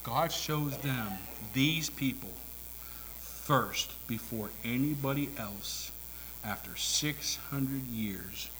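A man preaching a sermon in a church, swinging between hushed whispers and loud, climactic calls. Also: mid-range voice, takes it slowly, slight background noise, rough recording. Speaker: pastor. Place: church sanctuary.

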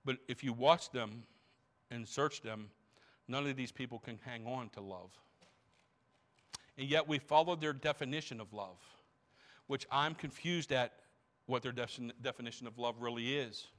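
A man's voice: medium pitch, moderate pace, pauses often, fairly bright tone. A man in his sixties, a pastor preaching to a congregation in church, emphatic, asking rhetorical questions and repeating words. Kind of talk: sermon.

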